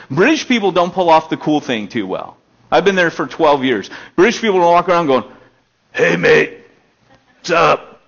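A male pastor preaching a conversational sermon, moving between emphatic raised passages and low, quiet stretches. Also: lo-fi sound. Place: elementary school meeting hall.

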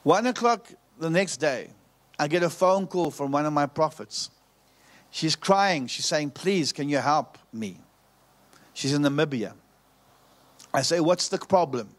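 A man's voice: a little high, animated, measured pace. A man preaching, telling a story and repeating phrases for emphasis. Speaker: pastor. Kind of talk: preaching sermon.

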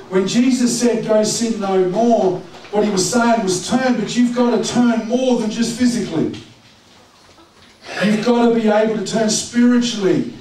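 In a church hall, a middle-aged man preaches as pastor in a high-pitched, somewhat mellow voice, talking directly and conversationally and asking the congregation questions. The sound is echoey and distant, with a bit of faint noise.

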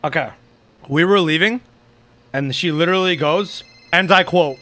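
A man's voice: on the high side, moderate pace, pauses often, pushed and bright. A young man streaming, reacting casually and telling his side of the story in joking, defensive banter.

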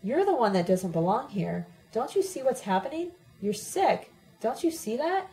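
A woman's voice: on the high side, big pitch swings, moderate pace, mellow, faint music behind, poor audio. A woman reading the part of an angry young man who scolds bluntly and crudely, in an audiobook.

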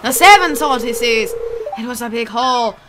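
A woman's voice: fairly high pitch, lively intonation, normal speed, noisy background, close to an everyday voice. A woman voicing an old male fisherman in a pirate accent, with drawling, salty sea talk. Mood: gruff.

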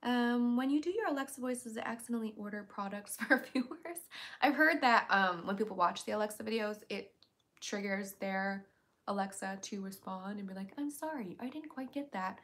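A woman's voice: medium pitch, normal speed, fairly bright tone. A young woman hosting a casual livestream, chatty and upbeat, reading viewers' questions aloud and answering them. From United States.

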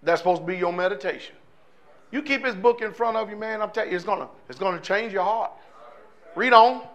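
A man preaching a sermon with a high, bright voice. He talks to the congregation in a fiery, conversational style and keeps throwing out rhetorical questions. His delivery is forceful and plainspoken. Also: a little fast. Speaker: pastor.

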